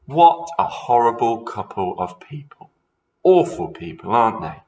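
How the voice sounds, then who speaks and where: A man's voice: medium pitch, very animated, unhurried, darkish tone, low-quality recording. A man who teaches primary school, reading a children's story aloud expressively and talking to his pupils.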